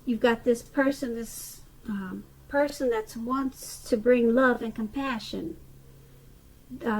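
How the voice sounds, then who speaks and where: A woman's voice: a little high, dark tone, rough recording. A woman giving a casual tarot reading, chatty and loose, often restarting sentences and saying "okay". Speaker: tarot reader.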